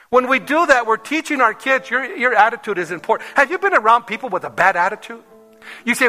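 A man's voice: high voice, bright, forceful tone. A male pastor preaching a sermon to his congregation, emphatic and calling for amens. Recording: long hall reverb with faint music.

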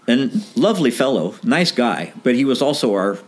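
Man telling a lively band anecdote. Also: medium pitch, unhurried. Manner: animated anecdote with quoted dialogue, laughs often. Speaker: guest telling a story. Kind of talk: casual storytelling.

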